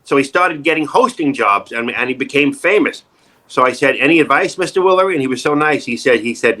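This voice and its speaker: A man's voice: mid-range voice, fairly quick, poor audio. A man in his sixties, an actor, telling stories in a casual interview and acting out the people in them. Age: 60s. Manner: animated, acts out quoted voices loudly. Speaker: actor guest.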